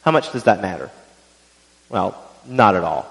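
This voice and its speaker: A man's voice: on the low side, big pitch swings, moderate pace, vocal fry. Man teaching in an echoing hall. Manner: explanatory, conversational, many restarts and fillers. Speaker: church teacher. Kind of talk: evening church teaching on scripture.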